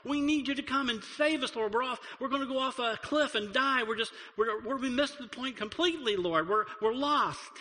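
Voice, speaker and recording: Man doing a pleading prophet, high strained voice, urgent halting repeats, long hall reverb. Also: pushed and bright. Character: desperate male prophet pleading with God.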